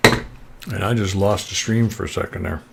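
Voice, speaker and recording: Man, livestream host, easygoing chatter, gravelly tone, noisy home recording. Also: low-pitched, normal speed. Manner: relaxed, chatty, reads out viewer comments. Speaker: livestream host searching coins. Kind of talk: casual livestream chat.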